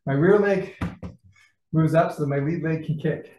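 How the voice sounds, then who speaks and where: Man, martial arts instructor, out of breath, calls out combos, high voice, distant from the mic. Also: normal speed, a little mellow, slight background noise. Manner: calls out combinations, checks in with the class often. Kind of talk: class instruction. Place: training gym. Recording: echoey gym from far off.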